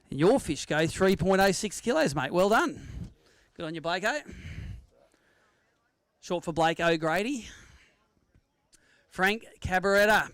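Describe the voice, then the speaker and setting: A man's voice: high voice, fairly bright tone, clean tone, no room sound. An Australian man emceeing a live fishing weigh-in, chatting with anglers and teasing them with jokes. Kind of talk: live event commentary with banter. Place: outdoor weigh-in at a sailing club.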